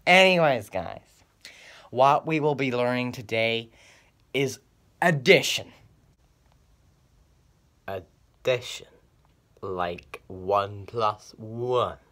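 A man voicing a bossy, flustered American schoolteacher who talks slow and drawn out. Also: medium pitch, animated, a bit bright. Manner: slow, drawn-out teacher talk.

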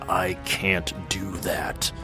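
A man's voice: low voice, slow pace, over music. A man voicing a frightened male governor who speaks in strained, tense bursts. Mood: pleading. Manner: strained, snarling then pleading.

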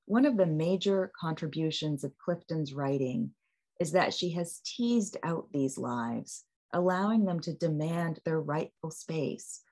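Woman author, low voice, reads a literary essay aloud, measured and deliberate. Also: lively intonation, a little mellow. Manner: measured, deliberate, poetic phrasing. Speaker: author reading an essay at a book event.

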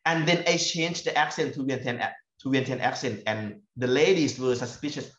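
Halting Thai-accented man in echoey room. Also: mid-range voice. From northeastern Thailand. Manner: halting, repeats words while searching for phrasing. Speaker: university lecturer. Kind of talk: academic talk sharing fieldwork stories. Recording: echoey, dull lo-fi room recording.

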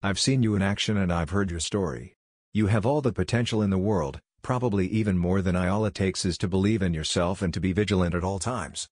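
An earnest, confident young ninja leader, as a man reads him in a storybook reading. The voice sits very low and sounds dry and close, with a kind, persuasive manner. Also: brisk, darkish tone, dry recording. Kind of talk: audiobook reading of fan fiction.

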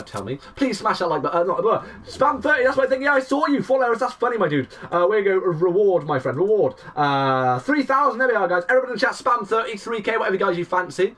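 A young man, giving excitable play-by-play commentary on his live game stream and greeting chat viewers. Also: sits high, distant mic. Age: 20s.

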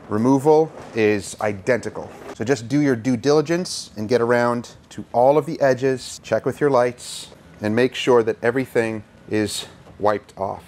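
A man hosting a car detailing video, giving relaxed, plain-spoken step-by-step instructions with some easygoing teasing. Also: medium pitch. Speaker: car detailer and channel host. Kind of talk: hands-on instructional commentary.

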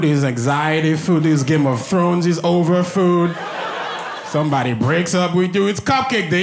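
A Haitian-accented man delivers a stand-up routine on a comedy stage. His voice sits high, and his talk is conversational but keeps tipping into exasperated rants. A faint hum of the room stays under him. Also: normal speed, crowd noise. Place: comedy stage before a live audience.

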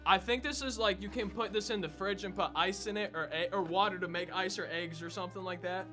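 A man's voice: high-pitched, fairly quick, pushed and bright, faint music behind. A young man chatting casually to viewers as he unboxes a console, a bit out of breath. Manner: chatty, talks to viewers as y'all. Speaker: gaming YouTuber.

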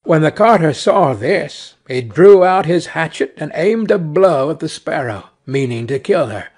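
A man narrating a fairy tale slowly and clearly for English learners. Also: on the high side, expressive, a little mellow.

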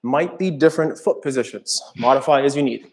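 A man's voice: mid-range voice, a little fast, low-quality recording. A man co-leading a live kettlebell class, explaining technique between sets. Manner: explanatory coaching commentary. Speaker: co-instructor. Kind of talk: live workout class coaching.

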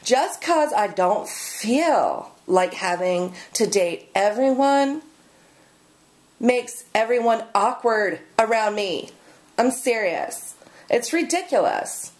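A woman's voice: a little high, expressive, slow. A woman poet ranting sarcastically in a casual video blog. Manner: exasperated, sarcastic. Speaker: poet and performer.

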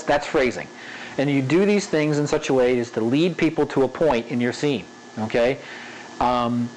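A man talks through an animation lesson in an easygoing, conversational way, often pausing to check in with the listener. His voice sits a little on the high side. A faint hiss runs under the recording. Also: poor audio. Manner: conversational, frequent "okay?" checks, repeats example sentence with varied emphasis. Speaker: animation instructor. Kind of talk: casual spoken tutorial.

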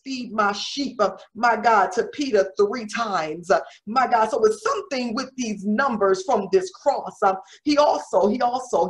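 A middle-aged woman apostle preaching a sermon, peppering every phrase with "my God" and building to fervent shouts. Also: medium pitch. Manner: repeats "my God" constantly, rising to shouts.

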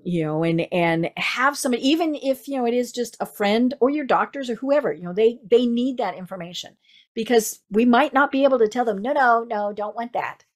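A woman with a Midwestern American accent hosting an interview in a chatty way, full of fillers and restarts. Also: a little high. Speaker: podcast host. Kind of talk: casual interview chat.

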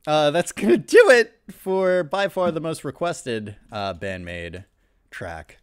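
A man hosting a music reaction video, excitable, swearing freely and breaking into shouts. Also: fairly high pitch, slow, clear, resonant tone, dry recording, studio quality. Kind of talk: casual reaction commentary.

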